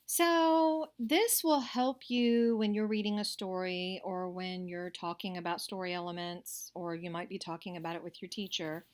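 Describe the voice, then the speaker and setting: A woman teacher giving a recorded lesson to young children, patient and unhurried with occasional hesitations. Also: lowish voice, fairly even intonation.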